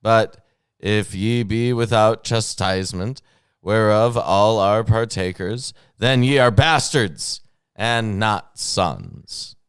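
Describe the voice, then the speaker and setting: A man's voice: fairly low pitch, takes it slowly, clear, resonant tone, no room sound. A man co-hosting a casual chat show, reading old scripture aloud between dry asides. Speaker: co-host.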